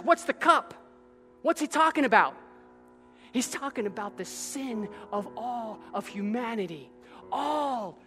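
A male pastor delivers an impassioned sermon, dropping low and close, then climbing to near-shouts. His voice rings through a church with a long reverb tail, and soft music plays faintly underneath.

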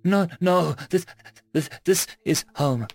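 A man's voice: high voice, takes it slowly, creaky, dry recording, voice pushed up, heavily acted. A man voicing a frightened, starving young male alien who stammers just above a whisper in a storybook reading. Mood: timid. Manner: stuttering, barely above a whisper.

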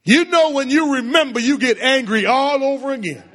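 A man's voice: very high voice, moderate pace, a bit bright, big-room sound. A man preaching a sermon to a congregation, firing questions at them and drawing call-and-response replies. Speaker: pastor.

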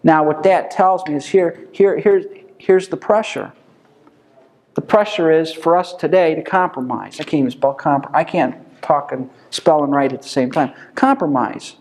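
At a moderate pace and with a darkish tone, a man whose pitch sits slightly high runs a relaxed, conversational Bible study for a small group. He asks himself rhetorical question after rhetorical question and answers them, teacher-style, as he talks with his students.

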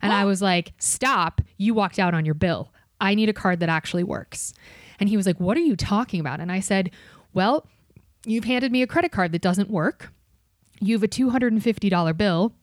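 A woman's voice: medium pitch, moderate pace, dry recording, clean studio sound. A woman hosting a podcast, telling a story in casual chat, swearing freely and acting out the people in it. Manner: animated, swears freely, acts out other voices. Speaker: podcast host.

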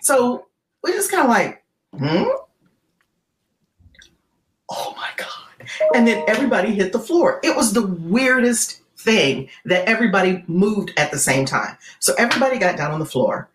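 A woman tells a story in a podcast interview, her pitch swinging widely as she gets caught up in it. She keeps checking in with a quick "right?". The recording has a roomy echo. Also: expressive, noisy background. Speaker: guest, keynote speaker.

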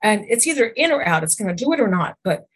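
Fast and husky, with a mid-range pitch that swings dramatically, a woman speaks as a guest on a podcast. She practices the emotion code and shares earnest, faith-driven stories about God and the Lord, often restarting and raising rhetorical questions.

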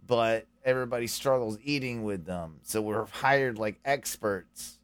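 A man's voice: lowish voice, a little slow, smooth. A man hosting a podcast, chatting casually and reacting to a clip in a rambling, profane, wry way. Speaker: podcast host.

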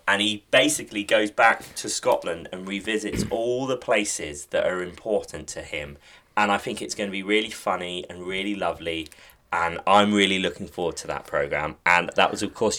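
Male podcast host, lowish voice, eager and upbeat recommendations. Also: animated, a little fast, bright, forceful tone. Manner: enthusiastic, plugging TV picks. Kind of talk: casual chat.

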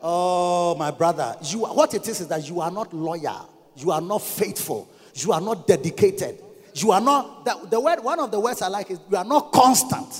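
High-voiced preacher in a hall. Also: male voice, expressive, moderate pace, breathy edge. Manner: emphatic, swinging from loud bursts to quiet asides. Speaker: pastor. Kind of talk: sermon.

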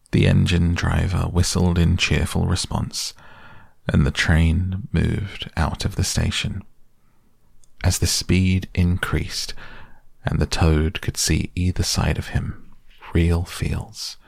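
Male storybook narrator: very low, gravelly, measured and expressive. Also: no room sound, studio quality.

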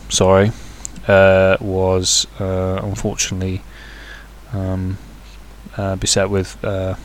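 A man's voice: low-pitched, completely flat delivery, slow. A man hosting a podcast on his own, rambling casually with many hesitations and crude, jokey asides. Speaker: podcast host. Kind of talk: casual solo podcast chat.

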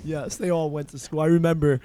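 Male podcast host, profane, laughing storyteller; slightly raised pitch, light background noise. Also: level tone, fairly quick, mellow. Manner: profane, laughing storyteller who acts out quotes. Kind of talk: casual chat.

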